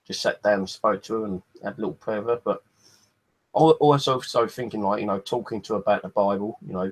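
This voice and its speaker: Bloke rambling on his vlog, kinda husky low voice, swears a lot, hot and thirsty. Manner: rambling, sweary, lots of fillers. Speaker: vlogger. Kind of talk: casual rambling chat.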